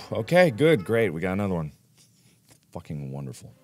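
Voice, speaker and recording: A young man hosting a gaming video, swearing a lot as he swings from low muttering to angry yelling. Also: sing-song, moderate pace, soft background music. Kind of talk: frustrated let's play commentary.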